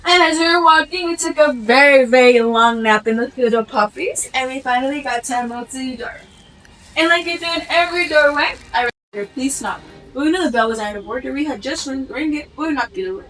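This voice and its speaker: A woman vlogger telling a story in a lively, animated way, acting out what the characters say. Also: high voice, brisk, soft background music, poor audio.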